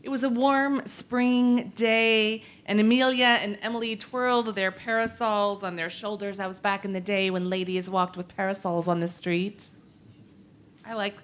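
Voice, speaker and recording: A woman minister telling a story in a worship service, playful and expressive, with asides to the congregation. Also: medium pitch.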